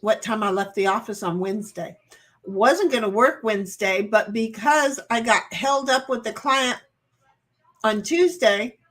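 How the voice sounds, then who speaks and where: A woman's voice: on the high side, fairly bright tone. A woman hosting a livestream alone, chatting casually with her viewers, reading out their comments and rambling in a playful, self-deprecating, confused way.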